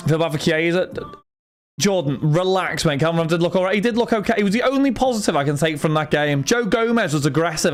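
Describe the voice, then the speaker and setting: A man's voice: fairly high pitch, clean tone. A young man, chatting casually to his livestream viewers, venting in a rambling, exasperated way. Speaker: livestream host.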